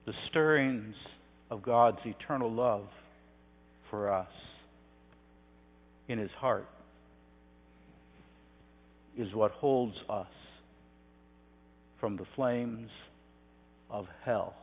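Slow-preaching man in a tinny hall. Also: lowish voice, husky. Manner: slow, swelling from hushed to loud and back. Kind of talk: sermon. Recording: tinny phone-like sound in a reverberant hall with hum.

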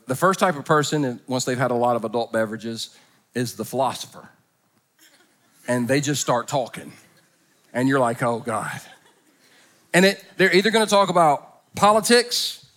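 At a church service, a middle-aged pastor preaches a funny sermon, telling stories and doing comic impressions. His mid-range voice swings between soft and loud.

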